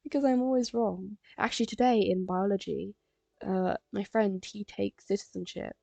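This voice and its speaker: Teenage girl, rambling streamer chat, gravelly edge, dry close sound. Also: mid-range voice, steady tone, moderate pace, dark tone, no echo, dull audio. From England. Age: teens. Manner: rambling, chatty, frequent fillers. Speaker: live streamer. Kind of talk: casual chat while drawing.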